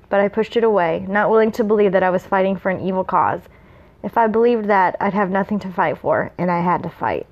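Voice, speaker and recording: A woman reading fan fiction aloud, with small slips and asides. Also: mid-range voice. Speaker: reader.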